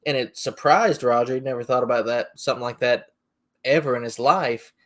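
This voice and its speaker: A man's voice: medium pitch, fairly quick, fairly bright tone. A man hosting a podcast, telling a story in a rambling, folksy way. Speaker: podcast host. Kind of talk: casual storytelling.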